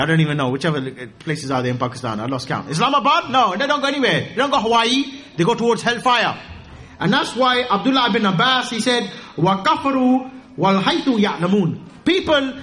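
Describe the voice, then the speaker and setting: A man giving an animated sermon, joking and rising to high exclaims. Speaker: preacher.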